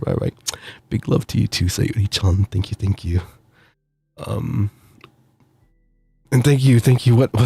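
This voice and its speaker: A man's voice: medium pitch, creaky, warm tone, dry recording. A man streaming while sick with the flu, cheerfully reading out viewer messages with little laughs and stammers. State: sick with the flu, itchy throat. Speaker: VTuber streamer.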